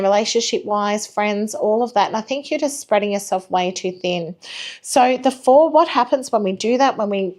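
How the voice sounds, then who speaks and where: A woman giving a live tarot reading, reassuring, apologetic and gently chatty. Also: medium pitch. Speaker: tarot reader.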